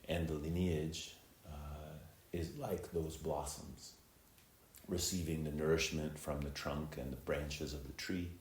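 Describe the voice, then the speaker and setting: A middle-aged man giving a dharma talk as Zen teacher and preceptor, reflective and unhurried, with many ums and uhs. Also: extremely low pitch, steady tone, a little hiss or hum. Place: temple hall. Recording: echoey temple hall, faint ambience.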